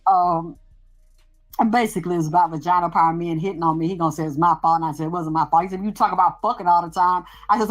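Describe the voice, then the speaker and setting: Here the show host's voice sits fairly low and moves quickly, with soft music behind it and rough recording quality. The middle-aged woman delivers a casual, profane, blunt story, voicing both people in the exchange she's recounting.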